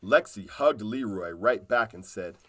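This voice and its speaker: A man reading a children's storybook aloud in a calm, unhurried way. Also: on the low side.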